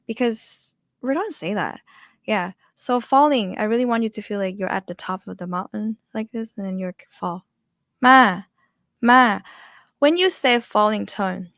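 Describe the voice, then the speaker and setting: A woman's voice: medium pitch, no room sound, clean studio sound. A young woman with a Thai accent teaching language tones in a chatty, casual way, often voicing example syllables. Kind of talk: casual online lesson.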